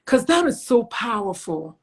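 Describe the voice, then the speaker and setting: A woman's voice: fairly high pitch, big pitch swings, moderate pace, slightly rough. A woman hosting an online interview show, speaking in an effusive, gushing and emphatic way over a video call. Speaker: talk show host.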